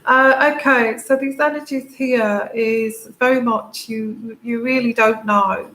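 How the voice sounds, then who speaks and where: Slow, tearful woman tarot reader. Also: fairly high pitch, fairly even intonation, pushed and bright. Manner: slow, halting, many fillers and restarts. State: tearful, crying. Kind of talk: intuitive tarot reading to camera. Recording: echoey room, faint background noise.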